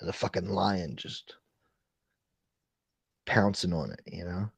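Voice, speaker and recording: A man's voice: low-pitched, animated, takes it slowly, gravelly, husky, no room sound. A man hosting a casual late-night livestream chat, rambling and swearing as he reads and answers viewer comments. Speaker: livestream host.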